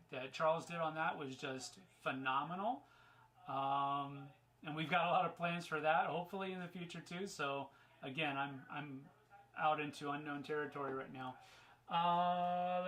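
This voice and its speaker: A man hosts a casual live-stream Q&A from his desk, answering viewer questions in a loose, rambling way full of fillers and restarts. His voice sits a bit high and rings bright and forward. On topics he enjoys he turns emphatic and upbeat. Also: normal speed, low-quality recording. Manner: gets excited and emphatic on fun topics.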